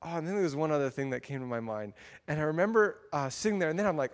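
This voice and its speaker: A man delivers a sermon in a storytelling way, quoting his own nervous thoughts with self-deprecating humor. His voice sits a little high for a man. The sound carries a long reverb, as in a church hall. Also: animated, fast. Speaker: pastor.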